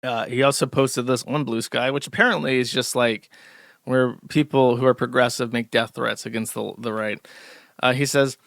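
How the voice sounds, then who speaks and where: A man's voice: mid-range voice, fairly even intonation, moderate pace, vocal fry, a bit bright, no room sound, studio quality. A man hosting a live stream, talking casually in a mocking, sarcastic way, rambling with plenty of fillers and restarts. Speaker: streamer host.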